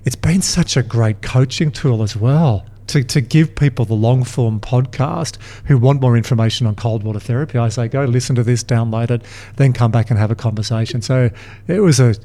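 A man hosting a podcast, talking in an upbeat, chatty and energetic way. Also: medium pitch, moderate pace. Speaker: podcast host. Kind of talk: podcast conversation. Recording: faint music behind.

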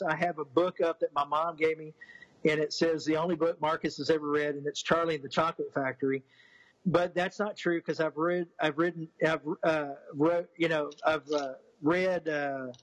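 A man telling a long, rambling personal story in an interview, full of restarts and fillers, and lively when he quotes other people. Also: fairly high pitch, no room sound, lo-fi sound. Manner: animated when quoting others. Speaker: interview guest. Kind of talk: casual storytelling.

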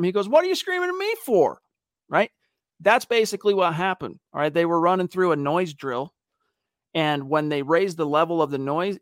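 A man's voice: on the high side, no room sound, studio quality. A man hosting a casual sports podcast, reading out viewer questions and telling stories with acted-out quotes. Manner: animated storyteller, acts out quotes.

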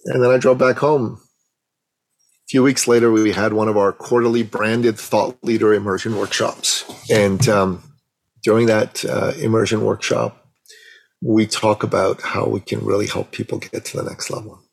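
Middle aged guy, low husky voice, telling a story on an interview, really animated, acts out the dialogue. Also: moderate pace, poor audio. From Iran. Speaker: guest. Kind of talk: emotional personal storytelling.

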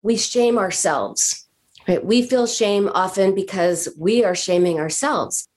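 A woman therapist on a podcast, explaining calmly and acting out what patients say to themselves. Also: mid-range voice, takes it slowly. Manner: explanatory, acts out patients' self-talk. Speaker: therapist guest. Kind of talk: podcast conversation.

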